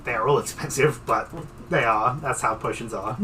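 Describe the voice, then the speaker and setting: A man's voice: medium pitch, moderate pace, sharp tone, a little hiss or hum. A man narrating as game master in a tabletop game, chatty and often laughing. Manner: giggly, loose, chatty. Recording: distant mic with faint music.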